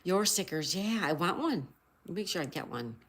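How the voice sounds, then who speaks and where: A fairly low female voice with lively intonation and a moderate pace. She runs a laid-back livestream, saying hello to viewers by name, reading out chat messages, and spelling crossword solutions letter by letter.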